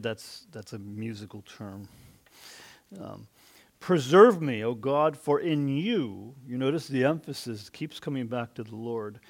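A man preaching a conversational sermon, rising for emphasis and dropping soft. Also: fairly low pitch. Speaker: pastor.

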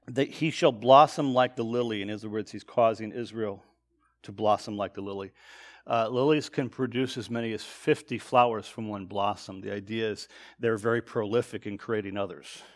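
Man teaching verse by verse. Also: fairly low pitch. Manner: explanatory, reads verses aloud with lifted emphasis. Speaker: preacher.

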